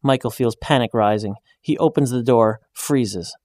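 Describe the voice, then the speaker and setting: A man reading a short story aloud in a measured, even storytelling voice, raising his pitch when he speaks the woman's lines. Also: no echo, studio quality. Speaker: narrator. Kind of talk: scripted story narration.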